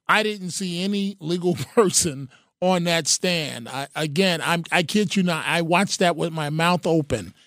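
Man, talk radio host, high voice, dry close studio sound, joking, emphatic. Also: a little slow, fairly bright tone, no room sound. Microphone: studio microphone.

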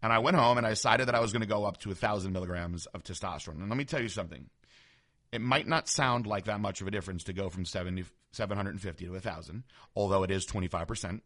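A man's voice: low-pitched, quick pace, a bit bright. A man in his thirties, a former bodybuilder, telling a candid story in a casual monologue. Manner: candid, frank, conversational.

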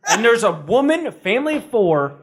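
Chatty man with a slightly high voice. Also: sing-song, brisk, a little hiss or hum. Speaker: podcast co-host. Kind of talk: casual podcast storytelling.

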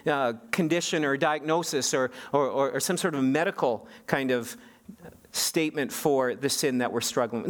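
A man preaching a sermon as pastor. He speaks emphatically and often restarts and repeats his words. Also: a little high.

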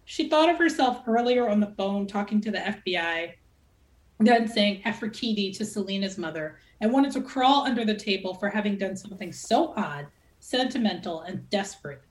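A woman novelist reading aloud from her own novel with an expressive, dramatic delivery. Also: mid-range voice, moderate pace. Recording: echoey room.

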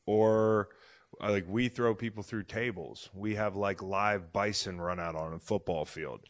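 A man in his thirties chatting on a sports podcast in a somewhat low voice. He gets loud and excitable fast and swears freely as he goes. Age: 30s. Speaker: podcast host. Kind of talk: casual sports chat.

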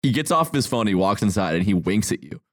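A man's voice: on the low side, sing-song, fast. A man hosting a podcast, telling a bar story in casual chat, swearing and laughing often. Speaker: podcast host.

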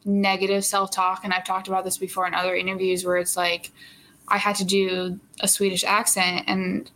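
A woman's voice: medium pitch, moderate pace, rough recording. Young woman, talkative actress, lots of "like", faint room noise behind. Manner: chatty, animated, lots of fillers and laughs. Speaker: actress guest. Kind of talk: casual interview chat.

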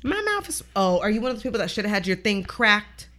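A woman chatting casually as a podcast guest, loud and profane, joking and quick to laugh. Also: medium pitch, fairly even intonation. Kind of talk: casual chat.

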